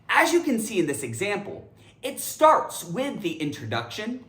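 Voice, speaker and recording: Animated woman teaching grammar. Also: medium pitch, moderate pace, reverberant. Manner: animated, emphatic, enthusiastic. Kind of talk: scripted educational lesson.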